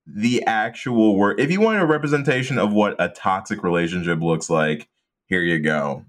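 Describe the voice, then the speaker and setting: A woman co-hosting a casual chat about a film, relaxed and steering to the next topic. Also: rumbling low, moderate pace. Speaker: podcast co-host.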